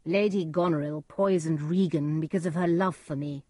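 Woman reading cold scheming nobleman, low and dark, curt. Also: steady tone, moderate pace, husky, dry recording. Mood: commanding.

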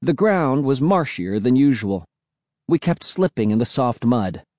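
Lively, mellow male audiobook narrator. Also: a little slow, dry recording, clean studio sound. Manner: voices the children's dialogue with shifts in pitch. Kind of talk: scripted narration of a children's novel.

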